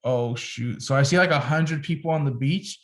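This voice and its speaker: Young man telling an animated story. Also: a little high, fairly quick. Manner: animated storyteller, heavy use of "like". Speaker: photographer guest. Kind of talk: casual podcast storytelling.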